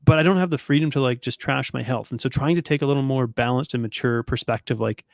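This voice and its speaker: Gravelly-voiced man hosting a podcast. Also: mid-range voice, fast talker, no echo, studio quality. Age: 30s. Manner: chatty, rambling, jokey. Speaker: podcast host. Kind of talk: casual interview chat.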